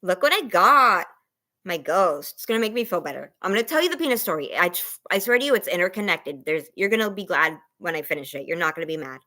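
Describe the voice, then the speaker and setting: A woman's voice: lowish voice, animated, fast, bright, forceful tone. Rambling self-conscious woman vlogger. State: close to tears. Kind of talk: casual chat to viewers.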